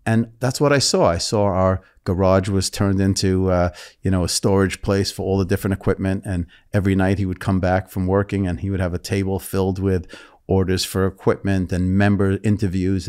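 A man in his fifties, born in England but with a New York accent, tells stories, jokes and laughs easily as a podcast guest in a casual interview. His low voice is steady, fairly quick, a little mellow, clear and resonant.

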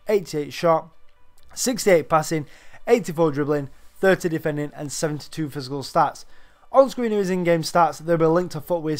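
A man's voice: fairly high pitch, darkish tone. A young man, slightly out of breath, rambling casually through a video game player review with lots of ums. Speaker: gaming YouTuber.

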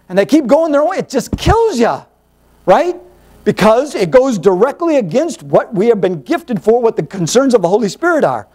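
Animated high-voiced male preacher. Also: moderate pace. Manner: animated, acts out little dialogues, rhetorical questions. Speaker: pastor. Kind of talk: sermon teaching.

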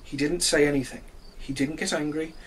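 A man reading a children's storybook aloud in a gentle, expressive way. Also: a little high, fairly quick, slight background noise.

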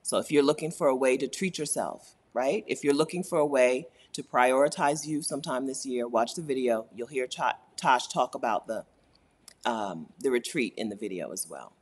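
A woman hosting a casual live stream, reading chat comments aloud, animated and laughing often, repeating her points for emphasis. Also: rumbling low, moderate pace, slightly rough. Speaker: YouTube host answering live chat.

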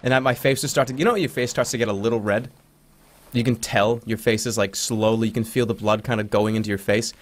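A man's voice: lowish voice, steady tone, fast talker. A man in his thirties chatting casually on a livestream, telling rambling stories and breaking into sudden yelps. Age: 30s. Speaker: streamer.

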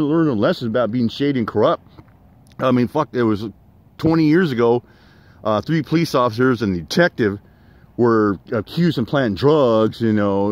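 Profane rambling man telling a story. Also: mid-range voice. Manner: profane, rambling, lots of fillers. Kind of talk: casual storytelling rant.

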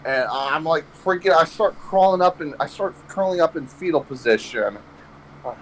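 A man's voice: on the high side, normal speed, a bit bright, rough recording. Young guy rambling thru a weed story, cusses a lot, faint hum behind him. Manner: rambling, heavy swearing, laughing at own jokes. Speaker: podcast host. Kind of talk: casual storytelling chat.

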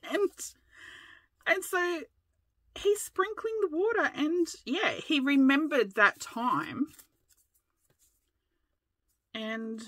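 A woman's voice: high-pitched, expressive, takes it slowly, pauses often, pushed and bright, dry recording. Chatty Australian woman in her fifties. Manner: rambling, chatty, often laughing. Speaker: crafting channel host. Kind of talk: casual storytelling vlog.

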